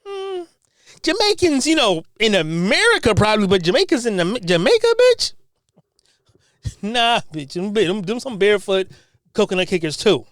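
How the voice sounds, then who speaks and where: A woman's voice: medium pitch, very animated, normal speed, no room sound, studio quality. A woman hosting a podcast, ranting with profanity and firing off mocking rhetorical questions, stammering repeated words as she builds up. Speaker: podcast host. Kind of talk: heated podcast rant.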